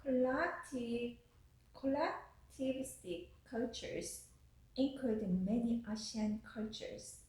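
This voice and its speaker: A woman professor delivers a recorded lecture at a slow, careful pace, often stopping to restart a phrase. Her voice is mellow and unhurried. The room around her gives a noticeable echo. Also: a little high. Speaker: university professor. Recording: echoey room.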